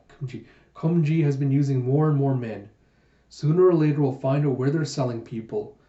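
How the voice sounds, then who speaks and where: A man doing an animated manga readthrough, narrating the panels and reading the characters' lines aloud with playful voices. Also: medium pitch. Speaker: manga reviewer. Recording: muffled lo-fi echoey room.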